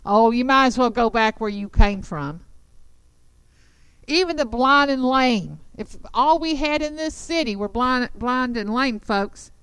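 A woman's voice: a little high, expressive, a little slow, a bit bright, smooth, no echo. A woman voicing smug city defenders who jeer at an approaching army in a dismissive, mocking tone. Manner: jeering, dismissive.

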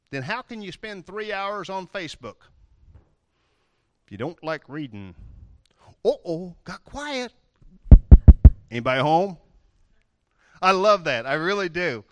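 A male preacher giving a lively, playful sermon, swinging from loud outbursts to quiet asides. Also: sits high, unhurried, pauses often, no room sound, studio quality. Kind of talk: animated sermon.

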